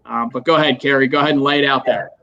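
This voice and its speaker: Male speaker, bright tone, upbeat and businesslike in casual conversation. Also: mid-range voice, steady tone, rapid-fire, creaky, highs cut off. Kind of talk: casual podcast chat.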